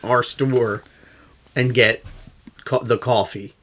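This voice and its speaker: A man's voice: medium pitch, fairly even intonation, takes it slowly, a bit bright. Chatty man trading jokey side stories. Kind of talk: casual podcast chat.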